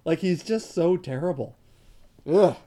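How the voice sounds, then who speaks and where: A man in casual podcast chat about hockey, animated and joking, with exaggerated comparisons. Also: fairly high pitch, a little slow.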